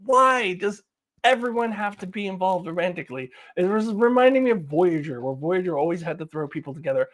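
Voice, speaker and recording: Speaking straight to the camera in a casual review, a woman with a lowish voice talks briskly. She's animated and exasperated, arguing her points while laughter keeps breaking through.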